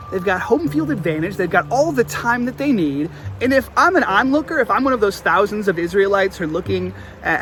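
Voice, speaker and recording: Male pastor, online sermon, animated, jokey storytelling, high voice, music underneath.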